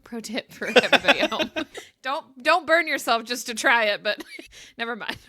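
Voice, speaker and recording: A woman's voice: a little high, moderate pace, sharp tone. A woman co-hosting a casual book podcast, chatty and giggly as she walks through names and terms. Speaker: podcast co-host. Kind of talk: casual podcast chat, reading a pronunciation guide.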